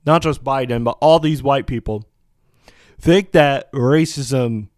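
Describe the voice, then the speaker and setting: A man's voice: mid-range voice, slow pace, darkish tone, dry recording, studio quality. A man hosting a solo podcast, reading out news and then ranting in a heated, profane, outspoken way, rambling with many restarts. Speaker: podcast host.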